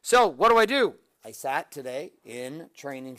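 Energetic man coaching breathing drills. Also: fairly high pitch, normal speed, few pauses, dry recording, studio quality. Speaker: motivational podcast host. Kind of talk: motivational coaching talk.

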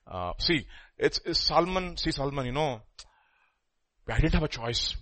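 Here a man preaches in a fairly high voice with lively intonation, moving from quiet murmurs to loud, emphatic lines. Key words get stressed by slowing his delivery.

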